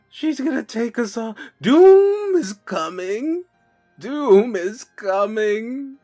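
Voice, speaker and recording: A man's voice: very high voice, expressive, very slow, dark tone, faint music behind, pitched above the performer's own voice, exaggerated voice. A man voicing a frantic homeless man who shrieks warnings of doom in a tabletop game.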